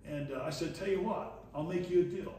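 Folksy preacher in an echoey hall. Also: male voice, high voice, fairly quick, dark tone, slight background noise. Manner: folksy, chuckling storyteller voicing dialogue. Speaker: pastor teaching leadership. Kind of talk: storytelling sermon lesson. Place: church hall. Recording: echoey distant church room recording.

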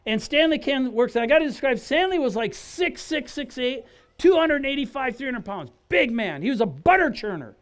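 A man from Wisconsin giving his personal testimony in an animated storytelling style, acting out dialogue and restarting his phrases often. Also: extremely high pitch, normal speed. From Wisconsin, USA.

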